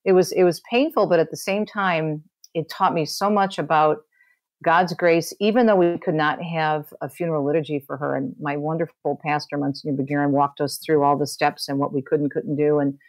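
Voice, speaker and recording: A middle-aged woman speaks as a guest, telling her story in a flowing, conversational way full of small restarts. Her voice sits low for a woman. The recording is dry and close. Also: fairly even intonation, a little fast, no room sound. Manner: warm storytelling with frequent restarts. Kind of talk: conversational interview testimony.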